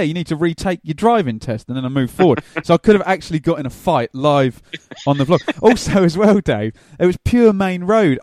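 Lively chatty English man, dry close sound. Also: a little high, no echo. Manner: chatty storyteller, laughs through anecdotes. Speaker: podcast co-host. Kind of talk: casual football podcast chat.

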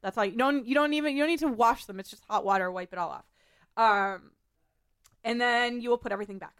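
High, smooth-voiced woman podcast host. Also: fast, a bit bright, no echo, studio quality. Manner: chatty, laughs often, practical how-to tone. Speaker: podcast host giving cleaning advice. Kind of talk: casual podcast chat.

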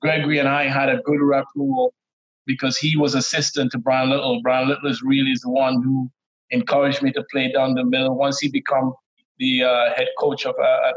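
A middle-aged former footballer from Trinidad and Tobago, speaking with a Trinidadian accent, tells stories as a guest in a relaxed interview, often laughing. His voice is medium-pitched at normal speed, heard through dull, lo-fi remote call audio.

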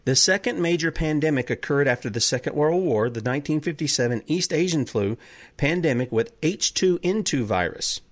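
Male talk host, fairly high voice, heated and preachy. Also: animated, normal speed. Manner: heated, preachy, rhetorical questions. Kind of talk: impassioned political talk show monologue.

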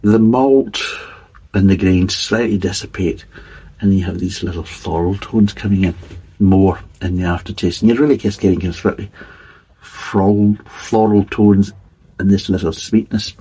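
Husky low-voiced man reviewing beer. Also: fairly even intonation, moderate pace, warm tone, poor audio. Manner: rambling, hedging, many restarts. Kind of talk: casual tasting review.

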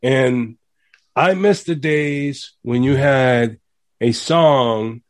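A male radio host in a casual interview. He talks in animated, preachy bursts and builds his points with rising emphasis. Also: mid-range voice, very slow.

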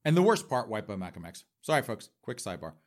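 Campy man ranting with a swooping pitch. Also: very animated, fast. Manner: campy, flamboyant, mock-indignant ranting; frequent laughing asides and direct audience address. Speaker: comedic commentator host. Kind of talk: comedic rant to the audience.

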